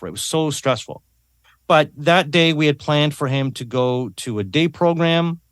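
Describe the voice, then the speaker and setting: A man's voice: medium pitch, dry recording. Earnest man on a dry mic. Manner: earnest, repeats words, tag questions. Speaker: podcast guest. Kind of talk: casual interview conversation.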